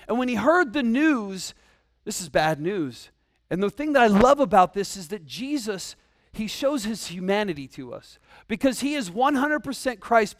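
A man delivers a sermon as a pastor, talking to his listeners in an easygoing, joking way full of slang asides. His voice sits high for a man. The sound is close and dry. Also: a bit bright, no room sound. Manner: casual, humorous preaching with slang asides.

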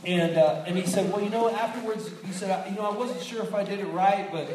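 A man's voice: sits high, a little fast, noisy background. A man preaching a sermon as a pastor, telling stories with acted quotes and frequent restarts. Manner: storytelling with lively acted quotes and many restarts. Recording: echoey hall, distant mic.

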